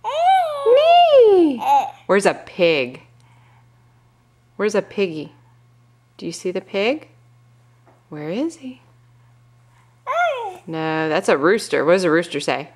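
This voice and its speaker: A young woman reading a picture book aloud to her toddler at home, gently asking questions and coaxing with little animal noises. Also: fairly low pitch, measured pace, pauses often.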